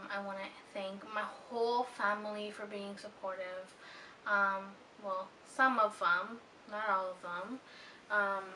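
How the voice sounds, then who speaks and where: A young woman in her twenties speaks earnestly and tenderly to her viewers, filling her pauses with soft ums. Her voice is bright and clear in tone. The mic sits a little away from her, with a faint hiss underneath. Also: medium pitch, distant mic, poor audio. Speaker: vlogger. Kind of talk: heartfelt personal vlog talk.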